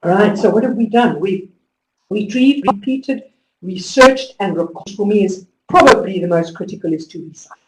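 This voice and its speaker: A woman giving a conference talk to teachers, telling stories with lively emphasis and driving home instructions. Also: medium pitch, normal speed. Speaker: conference speaker. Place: conference hall. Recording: echoey hall, distant mic.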